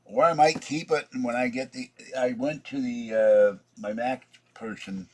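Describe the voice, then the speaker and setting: A man's voice: medium pitch, fairly even intonation, a little slow, a little mellow. A man rambling through a casual vlog, chatty and meandering, talking to himself as he works at his computer. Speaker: vlogger.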